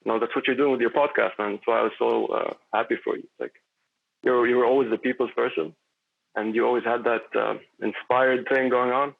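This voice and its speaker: A man's voice: medium pitch, steady tone, brisk, vocal fry. A man chatting as a podcast guest, rambling and philosophical, with lots of fillers and restarts. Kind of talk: casual conversation. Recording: tinny phone-like line.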